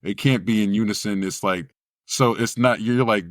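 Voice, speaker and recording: Low-voiced man telling a lively story. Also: normal speed, dry recording, clean studio sound. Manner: animated storyteller who acts out quoted voices. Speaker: guest, spoken word poet. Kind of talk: storytelling interview.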